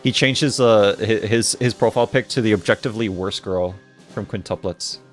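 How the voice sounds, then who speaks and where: A man's voice: lowish voice, moderate pace, faint music behind. A male streamer chatting casually with his viewers while playing, stuttering and joking around. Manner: stuttering, jokey, apologetic.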